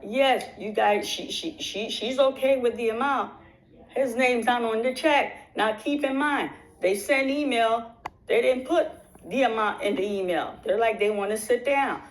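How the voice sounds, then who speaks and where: A woman's voice: on the high side, unhurried, rough recording. A woman vlogger telling her viewers a long personal story in casual talk. She keeps repeating phrases for emphasis and restarts her sentences.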